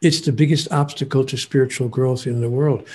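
A man acting as a spiritual teacher tells a story, lecturing conversationally and stressing points through emphatic repetition. His medium-pitched voice is husky and gravelly yet a little mellow, steady in tone and a little fast, with slight background noise.

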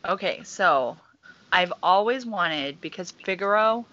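A young woman tells everyday stories on a casual podcast, swearing freely and throwing herself into every detail. Her voice is bright and sits a little low. The recording sounds dull and lo-fi. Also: unhurried, no echo. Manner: profane, animated storytelling. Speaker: podcast co-host. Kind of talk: casual chat.

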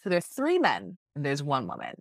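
A woman's voice: low-pitched, wildly swooping pitch, normal speed, no room sound, clean studio sound. A woman co-hosting a podcast, talking bluntly and emphatically, with frequent swearing, as she recaps a reality show. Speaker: podcast co-host.

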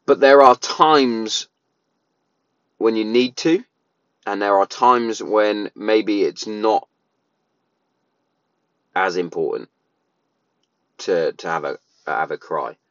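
A father shares his opinions in a loose, rambling casual monologue, full of restarts and fillers. His voice is on the low side and a bit bright, with lively intonation, a slow pace and long pauses. The audio is dull, without echo.

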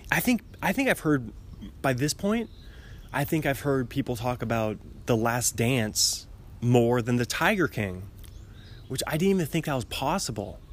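A man's voice: medium pitch, sing-song, normal speed. Rambling, self-amused young man. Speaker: podcast host. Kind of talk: casual chat.

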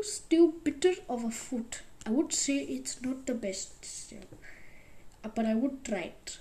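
A woman around twenty rambling excitedly in a casual vlog, jumping between loud outbursts and whispers. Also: high-pitched, measured pace. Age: about 20. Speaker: vlogger.

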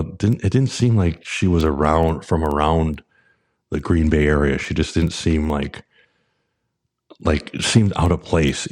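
A man with an extremely low, deep voice tells a long personal story on his podcast. He rambles, circles back and fills pauses with "um" and "uh". He sounds like he is in his forties. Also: darkish tone. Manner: rambling, many fillers and restarts. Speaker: podcast host. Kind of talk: casual storytelling.

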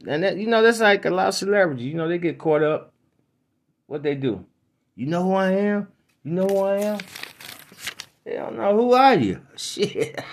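A man hosting his own podcast, rambling through casual chat and jokes in a mid-pitched voice. He swears freely and laughs often. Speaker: podcast host. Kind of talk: casual joke-telling and chat.

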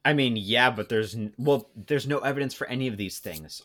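A man's voice: mid-range voice, fairly quick, a bit bright. A young man co-hosting a podcast in casual chat, rambling and joking with lots of fillers. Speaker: podcast co-host.

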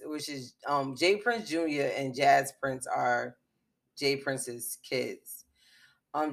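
A woman vlogger giving frustrated, impassioned commentary on a news story, speaking bluntly and swearing. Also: extremely low pitch.

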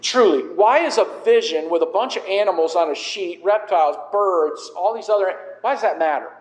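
High-voiced man preaching in an echoey hall. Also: normal speed. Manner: emphatic, conversational, asks the congregation with repeated "right?". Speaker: pastor. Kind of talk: sermon. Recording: echoey hall with long reverb.

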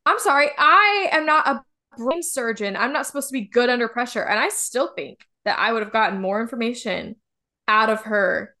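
A woman's voice: on the high side, animated, moderate pace, bright, forceful tone. A woman co-hosting a TV recap podcast, talking in a heated, emphatic way and swearing casually. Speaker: podcast co-host.

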